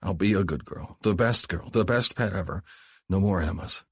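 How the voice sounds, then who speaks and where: A man voicing a nervous, submissive young woman in an audiobook, in a high, breathy, strained voice. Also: normal speed, dry recording, studio quality. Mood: pleading.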